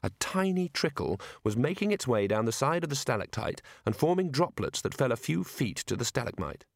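A man narrating an audiobook in a wry, expressive storytelling manner. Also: mid-range voice, a little fast, creaky, no echo, studio quality. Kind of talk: scripted narration.

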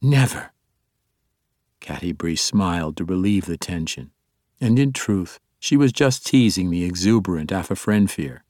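Low-voiced male audiobook narrator. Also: lively intonation, moderate pace, darkish tone, no room sound, studio quality. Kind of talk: scripted narration.

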